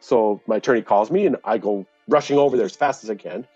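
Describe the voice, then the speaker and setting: A man's voice: lowish voice, quick pace, darkish tone, husky, no echo, highs cut off, soft background music. Indignant man telling his story. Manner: earnest, indignant when recounting. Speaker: interviewee, angler. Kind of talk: conversational storytelling.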